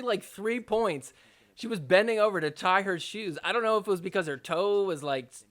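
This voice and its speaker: A man with a high, light voice runs a casual podcast recap over sports clips. He talks in an animated, teasing way, often breaking into laughter at the players' mishaps. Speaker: podcast host.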